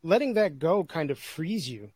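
Male host, higher voice, encouraging, dry close recording. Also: big pitch swings, moderate pace, a little mellow, breathy edge, no echo. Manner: encouraging, easy laughter. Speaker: podcast host. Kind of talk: casual interview talk.

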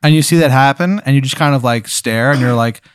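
A man casually improvising a long, absurd story, rambling and deadpan with lots of restarts. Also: medium pitch, quick pace, smooth, no echo, clean studio sound. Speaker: podcast host spinning an improvised story.

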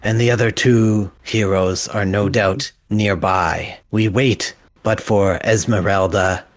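A man's voice: on the low side, fairly even intonation, slow pace, no echo, studio quality. A man voicing a female tavern keeper in a tabletop game, rallying a crowd with proclamations.

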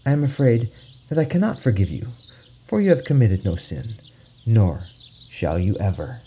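A man playing a gentle, soft-spoken holy teacher. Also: lowish voice, big pitch swings, normal speed, lo-fi sound, a little hiss or hum. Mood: tender. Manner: soft, tender, reassuring. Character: gentle, tender male holy teacher, calm and comforting.

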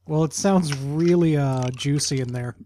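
A man's voice: on the high side, unhurried, warm tone, slight background noise. A man in casual podcast chat, needling the others with wry remarks.

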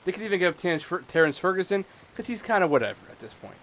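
A man on a live sports podcast who lays out trades and rosters with steady confidence. His voice sits a touch high. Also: poor audio. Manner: opinionated, measured. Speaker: podcast co-host. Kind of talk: sports analysis chat.

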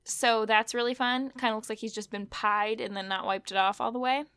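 A woman's voice: on the high side, fairly even intonation, fairly quick, a bit bright, clean tone, dry recording, clean studio sound. A woman co-hosting a casual chat, recapping an episode with wry asides and lots of fillers. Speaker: podcast co-host.

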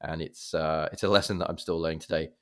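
A man's voice: a bass voice, steady tone, quick pace, fairly bright tone. A man hosting a film podcast, chatting casually and animatedly, swearing freely and poking fun at himself. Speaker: podcast host.

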